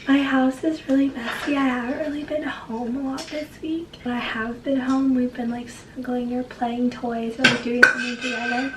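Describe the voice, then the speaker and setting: Sick, hoarse young woman, chatty vlog. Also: high-pitched, steady tone, moderate pace, few pauses, fairly bright tone, recorded from a distance. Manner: chatty, rambling, lots of "like". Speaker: vlogger and mother. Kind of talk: casual home vlog talk. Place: home kitchen and garden. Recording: roomy, off-mic, household noise.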